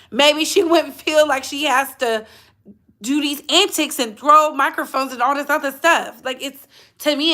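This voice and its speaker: A woman's voice: high-pitched, bright, forceful tone. A woman hosting a livestreamed gossip channel in blunt, chatty casual commentary, talking straight to her chat.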